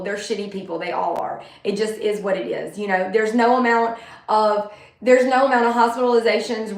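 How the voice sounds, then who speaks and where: A woman's voice: on the high side, roomy sound. A woman in her thirties, telling her own story to viewers in a candid, blunt way, swearing freely and using many fillers. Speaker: vlogger sharing her story. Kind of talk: casual personal storytelling, talking to viewers.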